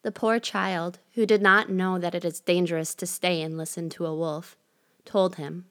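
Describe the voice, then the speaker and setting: A woman narrating a fairy tale in a measured, gently expressive storytelling manner. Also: lowish voice.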